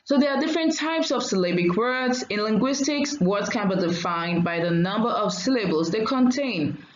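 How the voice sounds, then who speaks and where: A woman teacher giving a diction lesson, saying each word slowly and clearly and repeating it for learners. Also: mid-range voice, lively intonation, echoey room, lo-fi sound, a little hiss or hum.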